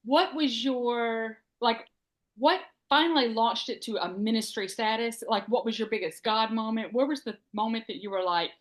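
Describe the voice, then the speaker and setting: A woman hosting a casual interview over a video call, chatty and quick to laugh. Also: a little high. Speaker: podcast host.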